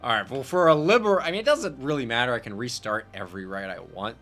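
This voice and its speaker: A gaming host in his casual playthrough talk has a bright, forceful voice. He reacts out loud and swears as he plays, and bursts of excitement break up his musing. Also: mid-range voice, quick pace, soft background music. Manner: excitable, swears, thinks aloud. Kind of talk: casual let's-play commentary.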